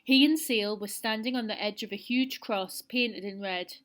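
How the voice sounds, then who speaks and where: A woman's voice: a little high, normal speed, fairly bright tone. A woman teacher reading a novel aloud to her pupils and setting quiz questions. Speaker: primary school teacher.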